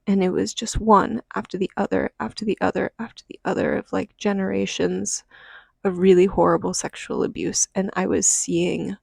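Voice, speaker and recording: A woman telling a deeply personal story, halting and earnest, with sighs and restarts between phrases. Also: creaky, darkish tone, no echo, studio quality. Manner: earnest and confessional. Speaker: podcast host. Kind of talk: personal testimony.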